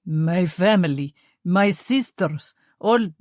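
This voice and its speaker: Audiobook role: a bitter Russian officer with broken, forceful speech and a heavy accent, voiced by a woman, low-set and dry. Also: slow, no room sound. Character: stern, bitter male Russian army officer.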